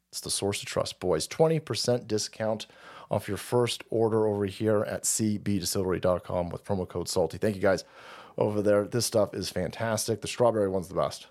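A man's voice: lowish voice, a little mellow. A man hosting a livestream, ranting about politics in a profane, sarcastic way and reading sponsor ads. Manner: foul-mouthed, sarcastic, rambling. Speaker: streamer host. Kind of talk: profane political rant with ad reads.

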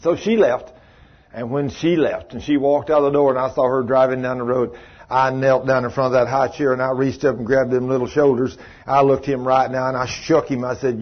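A man preaching a sermon, telling a story in a folksy, animated way and acting out the voices in it. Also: medium pitch, a little fast. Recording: dull lo-fi sermon recording.

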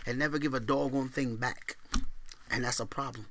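A man preaching a sermon as pastor, booming out scripture readings and dropping to quiet conversational asides, asking for amens. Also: moderate pace, no room sound.

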